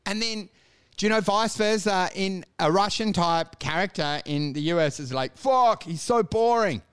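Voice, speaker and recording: A man's voice: high voice, moderate pace, a bit bright, clean tone. A young man chatting casually as a podcast co-host, jokey and sweary, slipping into put-on voices. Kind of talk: casual chat.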